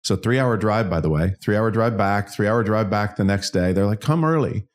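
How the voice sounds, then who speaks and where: Man, 50s, very low voice, frank self-deprecating storyteller, interview guest. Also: fairly even intonation, moderate pace. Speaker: interview guest, singer-songwriter and business owner. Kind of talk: candid personal storytelling.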